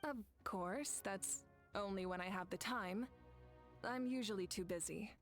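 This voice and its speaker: Actress as composed woman leader, mid pitch, measured delivery, faint game music. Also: natural voice. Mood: reflective. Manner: calm, measured. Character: calm woman ruler, devoted and driven.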